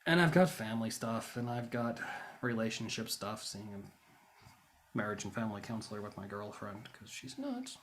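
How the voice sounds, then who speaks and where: Male YouTuber doing a rambling vlog monologue: wry, self-mocking rants that spike into loud outbursts. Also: on the low side, steady tone, normal speed, noisy background. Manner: flares into loud bursts.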